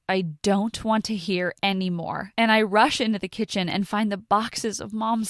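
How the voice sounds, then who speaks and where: A woman reading a first-person story in a steady, intimate narration. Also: mid-range voice, normal speed, few pauses, no echo, clean studio sound.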